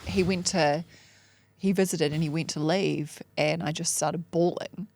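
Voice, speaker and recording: A woman talks openly about herself in a podcast coaching chat, blunt and self-mocking, with casual swearing and frequent laughter. Her voice sits a little low and has a gravelly fry. The sound is close and dry. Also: steady tone, measured pace, a little mellow, no room sound. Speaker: coaching client, mom and entrepreneur. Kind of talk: candid podcast coaching conversation.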